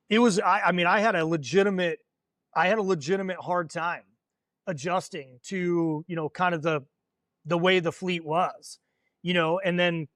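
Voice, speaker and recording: A man's voice: sits high, fairly bright tone, no echo. A man in his forties, a former Marine, telling stories casually with lots of fillers and swearing. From United States. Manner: rambling, lots of fillers and profanity. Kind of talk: casual storytelling.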